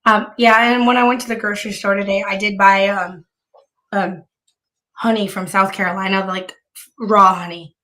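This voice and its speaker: A woman live streamer chatting casually to her viewers, hoarse with bronchitis, with heavy vocal fry and a rambling way of talking full of restarts. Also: medium pitch, steady tone, moderate pace, bright, forceful tone.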